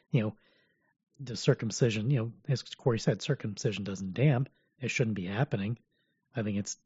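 Mellow husky man in religious talk. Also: medium pitch, no echo. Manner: conversational, many fillers. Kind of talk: casual religious discussion. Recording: dull dry lo-fi audio.

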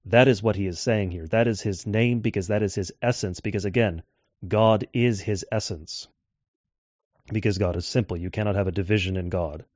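A man giving a measured lecture on scripture translation, slowing down to quote texts. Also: on the low side, steady tone, darkish tone, no echo. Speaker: Bible teacher. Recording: dull dry lo-fi audio.

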